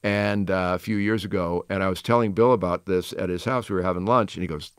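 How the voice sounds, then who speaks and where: A man in his sixties tells chatty anecdotes with quick asides and restarts. His voice sits on the low side and sounds smooth and resonant. The recording is close and dry. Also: fairly even intonation, no echo. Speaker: guest, television host. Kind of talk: casual storytelling interview.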